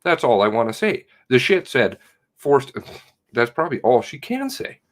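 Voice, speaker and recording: A man's voice: mid-range voice, sing-song, moderate pace. A man hosting a casual commentary livestream, greeting viewers from the chat by name and ranting with indignation. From Canada. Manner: indignant ranting, reads chat names aloud. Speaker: livestream host.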